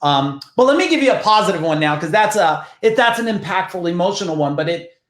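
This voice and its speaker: Man, podcast guest, higher-pitched, emphatic storyteller who curses, roomy echo. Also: lively intonation, quick pace. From New Jersey. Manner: emphatic, swears freely, acts out quoted voices. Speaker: podcast guest, business founder. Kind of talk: casual storytelling.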